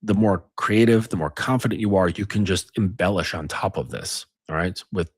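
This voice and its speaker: A man's voice: deep voice, normal speed, husky, no echo, clean studio sound. A man giving dating advice in a casual monologue, insistently tagging lines with questions. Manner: insistent, repeats tag questions. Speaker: dating coach.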